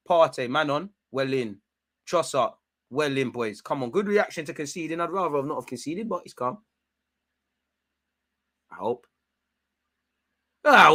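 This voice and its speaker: A young man hosting a live football watchalong, talking casually in slang and shouting at the referee. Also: medium pitch. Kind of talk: live match reaction commentary.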